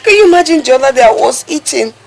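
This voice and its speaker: A woman's voice: lively intonation, rapid-fire, vocal fry. An actress with a Nigerian English accent playing a hot-tempered young woman who scolds her little brothers and calls on God. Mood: complaining. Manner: shrill scolding, exclaiming to God. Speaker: elder sister Juliana. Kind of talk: Nollywood film acting. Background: film score music.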